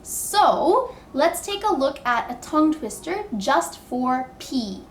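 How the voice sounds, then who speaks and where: A woman teaching English pronunciation, drilling words with slow, deliberate, exaggerated enunciation. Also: high voice, very animated, echoey room, a little hiss or hum.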